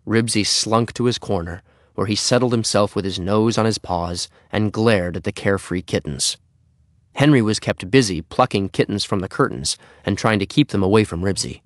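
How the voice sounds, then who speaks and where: A man narrating a children's storybook in a steady, measured reading voice. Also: on the low side, dry recording, clean studio sound.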